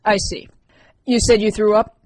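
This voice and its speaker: A woman reading an audiobook, voicing a stout older school nurse who is brisk and patient. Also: mid-range voice, level tone, darkish tone, lightly acted, rough recording.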